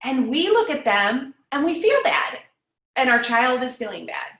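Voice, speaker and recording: A woman's voice: high voice, big pitch swings, measured pace, fairly bright tone, roomy sound, poor audio. A woman speaking as a guest on an online parenting summit, teaching in an encouraging, conversational way over a video call. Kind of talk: live online summit talk.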